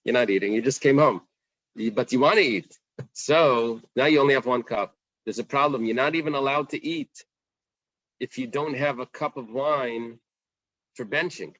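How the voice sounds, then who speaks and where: A man leads a casual Talmud class, talking it through in a lively, conversational way and voicing the text's questions. The recording is dry and a little muffled. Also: mid-range voice, normal speed, dry recording. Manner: conversational, animated, acts out the Gemara's questions. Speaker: Talmud teacher.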